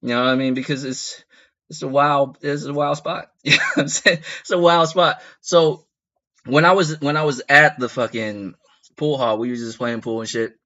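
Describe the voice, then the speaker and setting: A man spinning a loose, profane story with a bright, forceful tone, circling back on himself and chuckling at his own tale. His pitch sits in the middle range. The recording sounds slightly dull and muffled. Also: steady tone, normal speed. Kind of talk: casual comedic storytelling.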